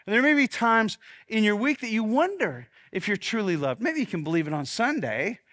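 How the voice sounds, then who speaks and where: A man's voice: sits high, very animated, fairly quick, bright, forceful tone. A man preaching a sermon as pastor, earnest, often repeating words as he restarts, and leading the congregation in spoken confessions.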